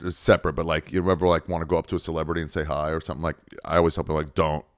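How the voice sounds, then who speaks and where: A man who is a guest on a podcast, riffing in casual chat, sliding into mocking voices and dropping quiet for asides. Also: extremely low pitch, flat delivery, very fast, no echo, studio quality.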